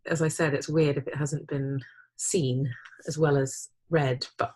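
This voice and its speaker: Slow, soft-spoken husky woman. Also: low-pitched, fairly even intonation. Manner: gentle, soft-spoken, unhurried. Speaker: podcast co-host. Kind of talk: slow reflective reading of her own poem.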